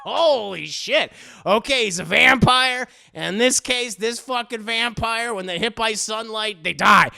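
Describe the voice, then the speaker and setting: A man tells his live chat about an episode scene by scene, cursing and laughing as he goes. His voice is high and bright and swings widely in pitch. A gravelly rasp runs through it. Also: a little slow, few pauses. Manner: animated, profane, laughing storytelling. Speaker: TV reviewer streamer.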